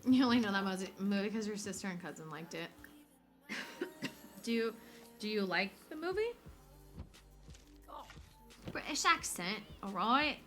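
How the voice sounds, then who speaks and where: A woman's voice: mid-range voice, animated, measured pace, long pauses, fairly bright tone. A woman casually commenting on a life-simulation game she is streaming, swearing freely and talking to her characters, with game music behind her.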